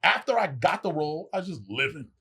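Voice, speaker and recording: A man in his forties, a guest actor telling stories in casual chat, animated, acting out quotes and swearing freely. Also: a little high, fast, breathy edge.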